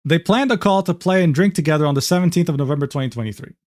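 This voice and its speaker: A man's voice: fairly high pitch, very fast, a little mellow, dry recording, clean studio sound. Casual, swearing male streamer. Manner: casual, swears freely, laughs often. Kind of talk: casual commentary reading DMs aloud.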